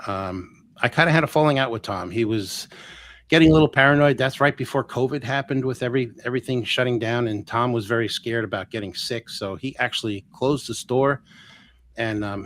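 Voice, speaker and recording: A man telling a personal story as a guest on a live interview show, his pitch rising and dipping as he acts out other people's voices. He talks casually and keeps restarting his sentences. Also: a little fast. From Florida. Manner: animated, acts out quoted voices, restarts often. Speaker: guest healer.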